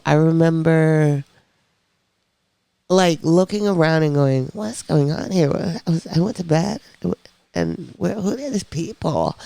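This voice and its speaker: A woman on a podcast telling her own story in a casual, lively way, acting out the voices of people she quotes. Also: deep voice, creaky, smooth, no room sound.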